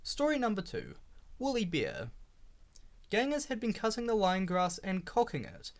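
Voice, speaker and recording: A man's voice: high voice, huge pitch swings, normal speed. A man reading a children's railway storybook aloud, giving the characters voices. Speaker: storybook reader.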